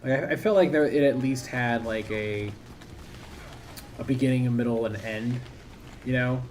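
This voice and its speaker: A man's voice: medium pitch, normal speed, darkish tone, a little hiss or hum. A young man casually chatting while he plays a game on stream, rambling and self-critical, often trailing off. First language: English. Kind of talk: casual commentary while gaming.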